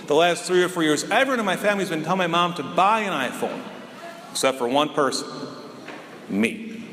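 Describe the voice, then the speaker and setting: A man's voice: on the high side, lively intonation, brisk, a bit bright. A male priest from Minnesota telling a light, self-mocking story during a homily. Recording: echoey hall with faint noise.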